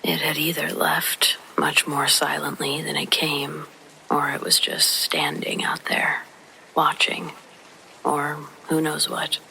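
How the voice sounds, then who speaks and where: Whispered horror storyteller, gravelly and bright. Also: medium pitch, slow pace, low-quality recording. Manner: soft, hushed whispering throughout. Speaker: narrator. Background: faint rain.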